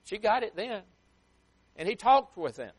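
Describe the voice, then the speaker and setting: A man preaching a sermon with emphatic swings in loudness and pace, sometimes acting out a parent scolding a child. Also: high-pitched, big pitch swings, measured pace, husky. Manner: emphatic, rising and dropping sharply for effect.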